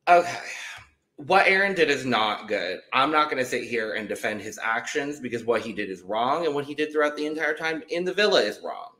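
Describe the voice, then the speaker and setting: A man's voice: mid-range voice, expressive, brisk, sharp tone. A man co-hosting a casual reality-TV recap podcast over a video call. He speaks bluntly and firmly and swears casually. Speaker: podcast co-host.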